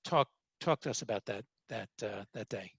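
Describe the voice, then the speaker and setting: A man from Brooklyn, hosting an interview in a chatty, animated way. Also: fairly low pitch, normal speed, vocal fry, husky, dry recording, dull audio. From Brooklyn, New York. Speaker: host. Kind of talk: interview conversation. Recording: dry close recording.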